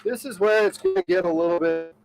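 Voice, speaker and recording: High-voiced man chatting on a boat livestream. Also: a little fast, music in the background, rough recording. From Ohio, USA. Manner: rambling, filler-heavy talk with many "like"s and frequent laughter. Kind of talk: casual live-stream chat. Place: outdoors on a boat on the water.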